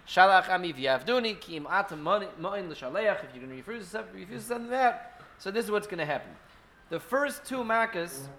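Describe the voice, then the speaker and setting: A man's voice: sits high, sharp tone, slight background noise. A man teaching an informal Torah class at an indoor gathering, speaking in a conversational way full of fillers and restarts.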